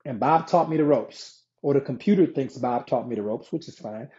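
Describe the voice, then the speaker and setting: Man, network marketing presenter, live-streamed pitch, repetitive and conversational, mellow tone, muffled lo-fi audio. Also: brisk. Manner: conversational, repetitive, reads and answers viewer comments. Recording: dull lo-fi sound.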